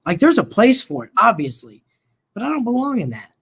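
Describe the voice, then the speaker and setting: A middle-aged man from Colorado and Oklahoma, a mental health worker telling his story as an interview guest in a relaxed, rambling way, acting out quoted dialogue. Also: very high-pitched, fairly quick, slightly rough.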